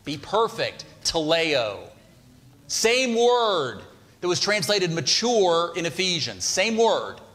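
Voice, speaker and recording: A pastor preaches a sermon in a church sanctuary, speaking conversationally and putting questions to the congregation. His voice sits high with big pitch swings, a slow pace and a slightly bright tone. The recording carries a long hall reverb.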